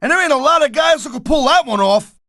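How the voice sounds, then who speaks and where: A man's voice: extremely high pitch, lively intonation, fast talker, bright, forceful tone, dry recording, studio quality. A middle-aged man doing color commentary for a wrestling video game, blunt and wisecracking with tough-guy slang.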